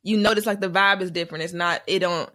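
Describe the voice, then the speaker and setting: A man hosting a casual podcast, an animated storyteller who laughs often. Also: sits high, quick pace, no echo, clean studio sound. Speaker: podcast host.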